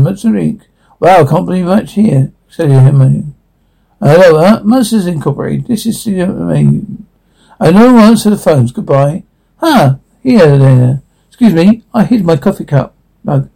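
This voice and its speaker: Guy reading a cartoon script out loud, kinda high but dark and gravelly, trips over words a lot. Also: rough recording. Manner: stumbling reads with frequent restarts; switches between character voices, reading stage directions aloud. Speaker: script reader. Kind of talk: reading a cartoon script aloud, doing the voices.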